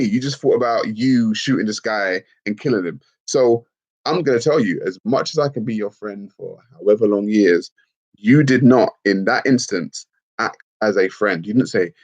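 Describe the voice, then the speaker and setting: Brief: man, low husky voice, blunt and profane livestream host, dull lo-fi audio. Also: normal speed. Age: adult with children. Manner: blunt, profane, animated, laughs often. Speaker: livestream host reading chat comments. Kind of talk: casual livestream talk.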